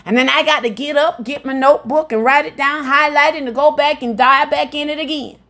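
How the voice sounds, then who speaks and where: A woman's voice: high-pitched, fairly even intonation, brisk, bright, forceful tone. A woman hosting a devotional podcast, preaching fervently and repeating her phrases with cries of praise. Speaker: evangelist podcast host. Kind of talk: devotional sermon.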